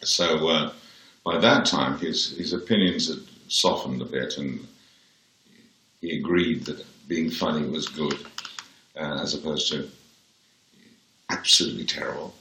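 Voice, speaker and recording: A man's voice: a bass voice, unhurried, long pauses, sharp tone, echoey room, low-quality recording. A man in his seventies from England with a plummy English accent, telling dry, blunt anecdotes as an interview guest. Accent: posh English, Birmingham-born. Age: 70s.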